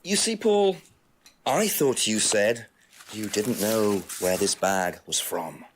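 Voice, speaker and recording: A man's voice: lowish voice, animated, slow, slight background noise. An actor playing a persistent male police inspector who questions a suspect with pointed questions in a video game. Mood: probing. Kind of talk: full-motion video game acting.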